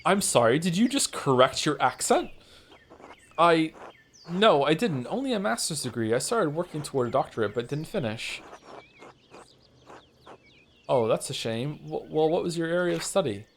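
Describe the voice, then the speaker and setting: A man's voice: on the high side, sing-song, normal speed, long pauses, slight background noise. A man streaming a game, reading its text aloud and swearing often in rambling asides, stumbling over names. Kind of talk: live game stream read-along.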